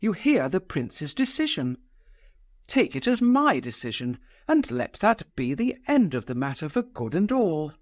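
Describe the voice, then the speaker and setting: A man narrating a novel, voicing a proud, defiant young woman who speaks solemnly and forcefully. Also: on the high side, very animated, measured pace, no room sound, clean studio sound, pitched above the performer's own voice.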